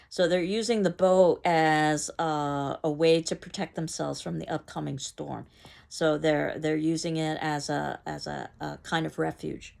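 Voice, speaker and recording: Woman teacher, lecture delivery, lowish pitch, a gravelly rasp. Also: fairly even intonation, darkish tone. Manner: explanatory, measured, with fillers and restarts. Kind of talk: recorded lecture.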